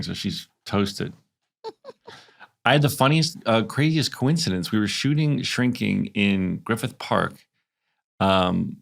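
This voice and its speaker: A man co-hosting a podcast, chatting casually and telling animated, rambling stories full of fillers. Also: deep voice, creaky. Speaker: podcast co-host. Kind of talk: casual chat.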